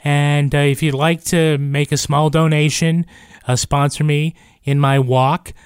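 A man co-hosting a true crime podcast, speaking haltingly with many pauses and fillers. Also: on the high side, flat delivery, clear, resonant tone, no room sound, studio quality. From New Hampshire. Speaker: podcast co-host. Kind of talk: casual podcast chat.

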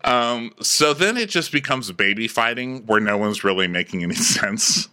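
A man co-hosting a podcast, recapping a show in casual comedic chat, campy and animated. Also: on the low side, moderate pace, smooth. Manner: animated, campy, acts out quoted lines. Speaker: podcast co-host.

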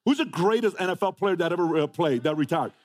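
Male motivational speaker, emphatic and repetitive, lively swooping delivery. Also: sits high, fast. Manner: emphatic, repeats phrases, rhetorical questions. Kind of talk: motivational talk to a live audience.

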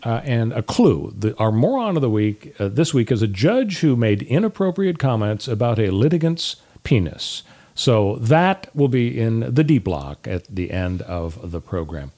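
A man's voice: mid-range voice, very animated, normal speed, dark tone. A man co-hosting a political talk show, wry and jokey, setting up topics with leading questions. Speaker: co-host.

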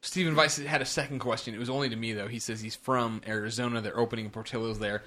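A man's voice: mid-range voice, fairly even intonation, fast talker, pushed and bright. A man hosting a casual podcast, jokily reading out listener questions. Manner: jokey, reads listener questions aloud. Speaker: podcast host. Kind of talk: casual chat.

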